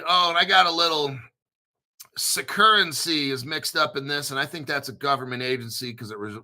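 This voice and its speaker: A man's voice: fairly high pitch, pushed and bright. A male host giving casual livestream commentary in a brash, profane, joking hype manner. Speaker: crypto show host.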